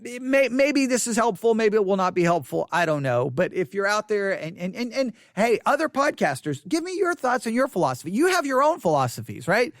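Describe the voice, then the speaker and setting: A man hosting a solo podcast, talking off the cuff in an animated, repetitive way with many restarts. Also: sits high, fairly quick, few pauses, no echo, clean studio sound. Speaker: podcast host. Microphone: studio microphone.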